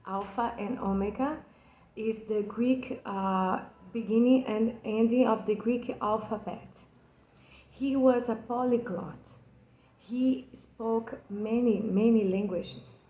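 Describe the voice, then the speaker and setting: A Brazilian woman hosting a channel talks through a poem slowly and earnestly in English as a second language, with a Brazilian Portuguese accent. Her warm voice is a little high with fairly even intonation, and her passionate delivery is hesitant, filled with fillers and restarts. The poor audio has a roomy sound.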